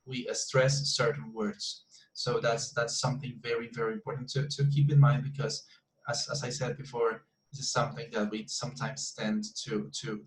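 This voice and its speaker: A man's voice: medium pitch, reverberant, a little hiss or hum, low-quality recording. A man leading an online English class, correcting students with frequent restarts and repeated words. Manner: repeats words while explaining, hesitant restarts. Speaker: English teacher.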